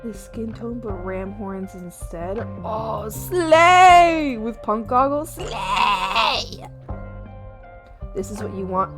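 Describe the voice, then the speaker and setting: Giggly, animated young woman streamer. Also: fairly high pitch, very slow, music in the background. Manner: giggly and animated, yelling playfully at her pets. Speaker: art streamer. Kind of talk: casual live-stream chat.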